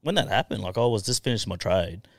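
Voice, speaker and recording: A man's voice: on the low side, quick pace, vocal fry, no room sound, studio quality. An Australian man telling stories in a casual podcast chat, blunt and swearing freely as he laughs through his stories. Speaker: podcast guest.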